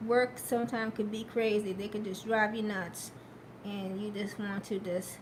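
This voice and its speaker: A woman chatting casually on a live stream, slow and hesitant with many fillers, upbeat and encouraging. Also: mid-range voice, flat delivery, noisy background.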